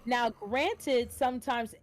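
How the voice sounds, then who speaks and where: A woman co-hosting a casual stream chat, blunt and animated, swearing freely. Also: on the high side, slow pace. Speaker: co-host streamer.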